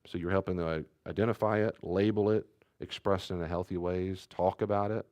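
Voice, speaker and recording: A man's voice: low-pitched, steady tone, fairly quick, a little mellow, no room sound. A pastor giving a conversational sermon, acting out short exchanges between parents and children and sometimes raising his voice for emphasis.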